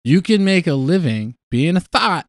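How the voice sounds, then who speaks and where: A man's voice: on the high side, moderate pace, no room sound. A young man in casual, crude banter, ranting with lots of swearing. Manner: profane, ranting, lively delivery.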